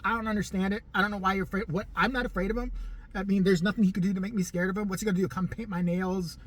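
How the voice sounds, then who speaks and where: A man's voice: sits high, fairly even intonation, very fast, fairly bright tone. A man hosting a commentary video, sarcastic and blunt, with bursts of profanity. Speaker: commentary host.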